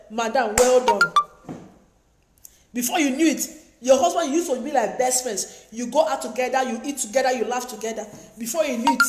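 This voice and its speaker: A woman's voice: a little high, darkish tone. A woman giving emphatic, preachy advice in a lecturing monologue, repeating her points. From Africa. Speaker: advice vlogger. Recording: echoey room.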